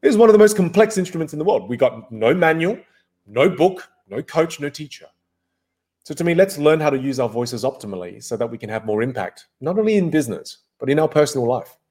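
A man's voice: on the high side, big pitch swings, fairly quick, darkish tone. Emphatic male voice coach. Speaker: voice coach guest. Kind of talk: interview conversation.

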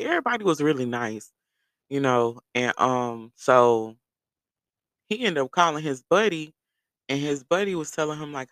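A man's voice: mid-range voice, no room sound. Casual storytelling man, dry close sound. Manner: animated, profane, laughs through the story. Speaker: vlogger.

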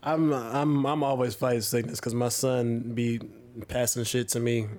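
A man's voice: mid-range voice, little pitch movement, normal speed, darkish tone. Man with a sore throat co-hosting a podcast. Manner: laughs often, profane banter. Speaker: podcast co-host. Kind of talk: casual chat.

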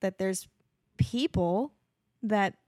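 A mother co-hosts an informal podcast from home, children nearby, drawing out her words in a medium-pitched, slightly mellow voice. She rambles with lots of fillers and laughs frequently; the sound is clean, studio-grade, and echo-free.

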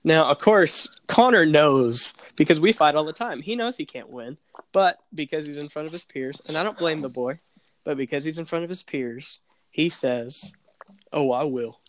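A man's voice: a little high, moderate pace, slight background noise. Young man telling a story, laughing. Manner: animated, laughing, acts out voices in his stories. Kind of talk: casual storytelling chat.

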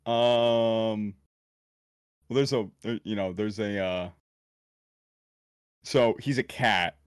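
A man's voice: on the low side, fairly even intonation, slow pace, clean tone, no room sound, clean studio sound. A man in his twenties, a guest in a casual chat, explaining his jokes in a laid-back way full of fillers. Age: 20s.

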